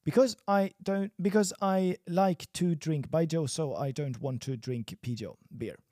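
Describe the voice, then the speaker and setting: A man teaching a language lesson, repeating each example sentence slowly and then translating it, with wry self-correcting asides. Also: a little high, dark tone, dry recording, studio quality.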